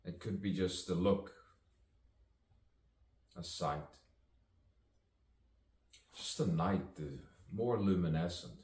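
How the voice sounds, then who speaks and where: A man's voice: low voice, takes it slowly, long pauses, darkish tone. A man improvising spoken-word poetry, musing and playful, with chuckles between lines. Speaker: actor and poet. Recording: roomy sound from a distance.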